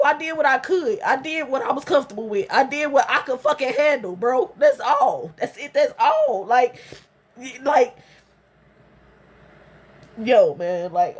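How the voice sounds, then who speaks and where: A woman's voice: high-pitched, husky. A young adult woman venting in a blunt, profane monologue, repeating her points over and over. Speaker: vlogger.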